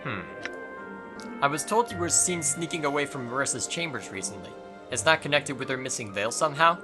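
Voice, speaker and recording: Casting: relaxed, wry male let's-play host, lively pitch, game music underneath. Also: brisk. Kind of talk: casual game commentary and dialogue reading.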